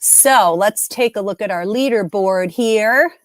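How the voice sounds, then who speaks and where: Speaking a little slowly in a mid-range voice, a middle-aged woman keeps her live trivia stream chatty and upbeat, regularly breaking off partway through sentences. It's a dry, studio-quality recording.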